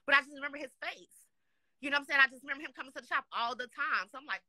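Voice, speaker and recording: A woman's voice: high-pitched, very fast, pushed and bright, no echo. A woman from Dallas, Texas, ranting angrily and swearing constantly on a live show, upset and heated, often saying "you know what I'm saying.". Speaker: guest complaining on a live show. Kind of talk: angry rant.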